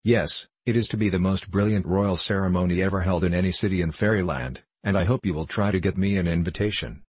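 A man's voice: low-pitched, fast talker, few pauses, breathy edge, no room sound. A man voicing a courtly, gracious male fox king in an audiobook reading.

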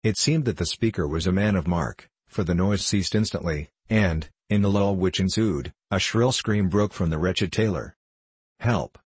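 A man narrating a novel aloud in a steady storytelling manner, slipping into rough voices for the characters. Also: low voice, moderate pace, few pauses, no room sound.

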